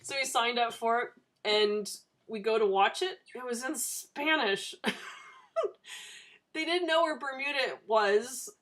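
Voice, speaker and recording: A woman's voice: on the high side, measured pace, fairly bright tone. A woman in her thirties chatting casually to a camera for her video diary, rambling from topic to topic and laughing often. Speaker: vlogger. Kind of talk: casual chat.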